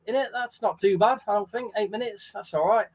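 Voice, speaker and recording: A man's voice: high voice, brisk, a little mellow. A man hosting a charity livestream in a casual, chatty way, greeting viewers by name. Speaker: livestream host.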